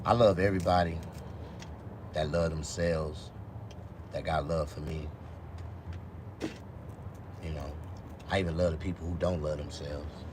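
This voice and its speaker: A man with a deep, low voice rambles through a casual live stream. His words come out loose and slurred from missing teeth, and he swears freely. He swings between low mumbles and loud, excited outbursts over faint background noise. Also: unhurried, long pauses.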